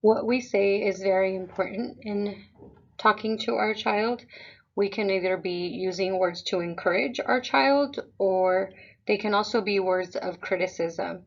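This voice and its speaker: Woman presenter, parent webinar, calm and measured, mid pitch, dull recording. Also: gravelly. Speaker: school district presenter.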